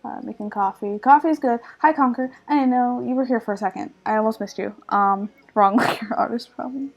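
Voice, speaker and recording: Groggy, creaky-voiced woman streamer. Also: fairly high pitch, a little fast. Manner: relaxed and chatty, often laughing and trailing off while focused on drawing. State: slightly scratchy, groggy voice. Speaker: art streamer. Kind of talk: casual chat while drawing on a live stream.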